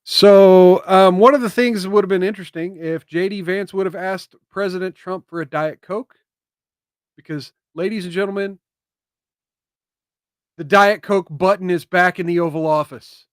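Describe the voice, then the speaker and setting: A man hosting casual political commentary, talking emphatically and getting emotional, swinging from loud bursts to hushed asides. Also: sits high, steady tone, normal speed, smooth, no echo, studio quality.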